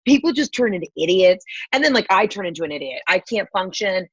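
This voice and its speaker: A young Southern-raised woman with a slightly husky, breathy voice tells salty, lively comic stories on a podcast. The sound is dry and close, a little dull in the highs. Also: quick pace, dry recording. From American South. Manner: profane, animated comic storytelling with laughs. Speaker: podcast guest, comedian. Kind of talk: casual storytelling chat.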